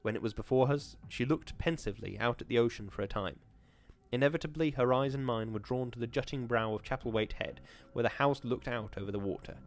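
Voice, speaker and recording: A man and podcast host reading a classic horror short story aloud in a measured, formal narrating voice. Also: mid-range voice.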